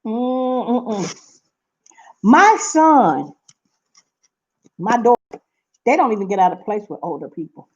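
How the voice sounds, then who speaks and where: A woman's voice: on the high side, lively intonation, slow, long pauses, muffled recording. A middle-aged woman from Seattle telling stories to camera in a casual vlog, talking emphatically and repeating herself. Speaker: vlogger.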